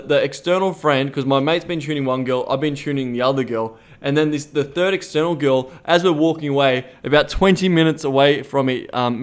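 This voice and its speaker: A man's voice: a little high, clear, resonant tone. Rambling, profane Australian man. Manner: rambling, profane, many "like" fillers. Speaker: podcast host. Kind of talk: casual storytelling chat.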